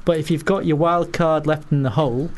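A man's voice: a little high, steady tone, fairly quick, a little hiss or hum. Wry man co-hosting a chatty podcast. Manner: dry, wry asides with frequent laughs. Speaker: podcast co-host. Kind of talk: casual chat.

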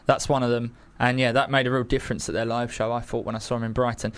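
A man's voice: medium pitch, flat delivery, smooth. A young man hosting a radio show, chatting casually and teasing his guests. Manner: chatty, teasing, quick asides.

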